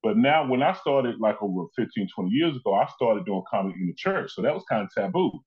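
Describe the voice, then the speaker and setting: A man's voice: lowish voice, quick pace, lo-fi sound. A man who is a comedian and actor, telling stories as a guest in an interview and acting out the people he quotes. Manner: animated, acts out quoted people in his stories. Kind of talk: conversational storytelling in an interview.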